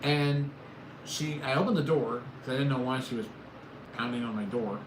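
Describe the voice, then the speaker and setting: Streaming casually from home, this middle-aged host rambles through his stories and makes fun of himself along the way. He speaks at a moderate pace in a medium pitch, in an echoey space with heavy background noise.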